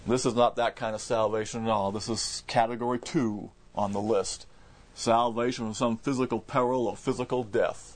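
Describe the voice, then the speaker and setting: A man delivers a verse-by-verse Bible sermon from the pulpit. His voice sits at an ordinary middle pitch, and he presses his points with repeated words and frequent restarts. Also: fairly even intonation, moderate pace. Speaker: preacher.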